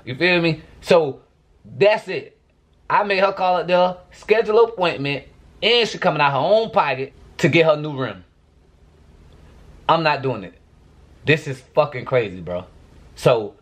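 A man vlogging to camera, venting in a profane, exasperated rant. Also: mid-range voice.

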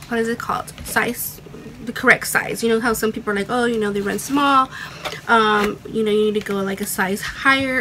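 A young woman chatting excitedly in a casual vlog at home, rambling with restarts. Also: on the high side, a little hiss or hum, poor audio. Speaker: beauty and fashion vlogger.

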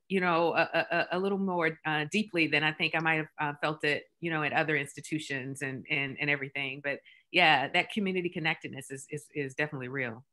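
A woman hosting an interview, speaking haltingly with frequent restarts. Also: fairly low pitch, pushed and bright. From South Carolina. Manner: halting, many fillers and restarts. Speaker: host. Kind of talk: conversational interview.

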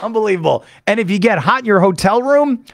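A male sports radio host telling an excited travel story in a solo monologue and mimicking the people he met. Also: high-pitched, quick pace, dry recording, studio quality.

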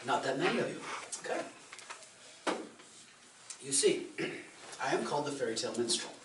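A man's voice: mid-range voice, big pitch swings, normal speed, noisy background. A man, a folk minstrel, telling a fairy tale to a live audience in a playful, theatrical way with joking asides. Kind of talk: live storytelling between songs. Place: indoor live concert venue with an audience. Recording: roomy live recording from far off.

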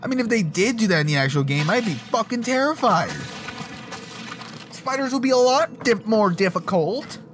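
Excitable young man commenting on gameplay. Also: high-pitched, moderate pace. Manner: excitable and profane, laughs and exclaims often. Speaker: gaming channel host. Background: game music.

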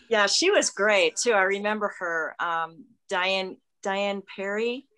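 A woman's voice: medium pitch, expressive, slow, a little hiss or hum, low-quality recording. A woman in her sixties, a former athlete, reminiscing loosely and chuckling on a video call. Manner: warm and chuckling, loosely recalled.

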